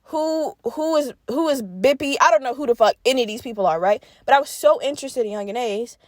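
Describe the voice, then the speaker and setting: Animated young woman podcast host. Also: sits high, brisk, no room sound, clean studio sound. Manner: animated, profane, acts out both sides of conversations. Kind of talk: casual storytelling monologue.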